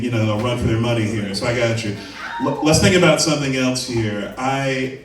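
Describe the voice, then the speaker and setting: A man doing a stand-up comedy set as a comedian and trivia host, rambling, profane and self-deprecating, working the crowd. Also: mid-range voice. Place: comedy venue with a live audience. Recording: roomy venue mic from a distance, crowd noise. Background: audience laughter.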